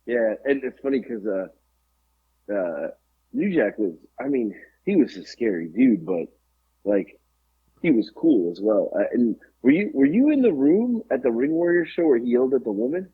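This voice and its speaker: A middle-aged man tells loose, profane anecdotes in a husky, breathy voice, full of fillers and restarts. The recording is a little dull and lo-fi. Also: medium pitch, very animated, normal speed. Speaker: podcast co-host. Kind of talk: casual storytelling chat.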